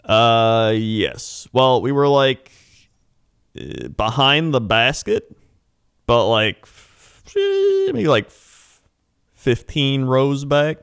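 A man's voice: medium pitch, huge pitch swings, extremely slow, gravelly, long pauses, a bit bright, smooth, no echo, clean studio sound. A man co-hosting a podcast, chatting in an easygoing way with frequent hesitations and fillers. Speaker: podcast co-host. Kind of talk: casual chat.

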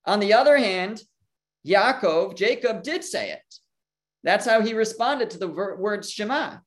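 Torah teacher, explanatory lesson, reasons aloud, translates Hebrew terms, mid-pitched voice. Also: lively intonation, unhurried. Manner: thinks aloud, poses questions and answers them.

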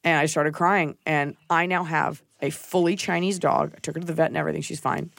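A woman's voice: sits low, a little fast, creaky, no room sound, studio quality. A woman comedian co-hosting a podcast, telling stories in blunt, profane casual chat. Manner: blunt, profane, animated storytelling.

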